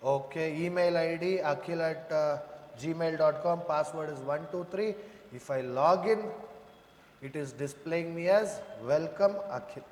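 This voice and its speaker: Brief: high-pitched man teaching coding live, keeps checking if students follow, reverberant classroom sound. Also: a little slow, a little mellow. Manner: talks students through code step by step, asking checking questions; addresses students as "sir" and "boss". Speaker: programming instructor. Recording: echoey room with long reverb.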